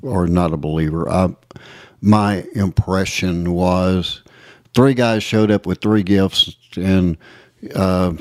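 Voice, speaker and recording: East texas guy cohosting christian radio, lowish voice, lots of ums, dead dry sound. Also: fairly even intonation, no room sound. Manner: rambling, halting with fillers. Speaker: co-host. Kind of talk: casual radio talk.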